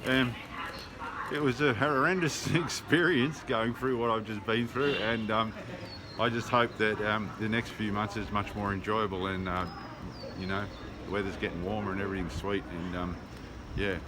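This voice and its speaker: An Australian man talks in a lowish, steady voice at a moderate pace as he walks and rides through city streets for a casual video diary. He's blunt and swears, with frequent ums. The handheld phone video picks up loud street noise.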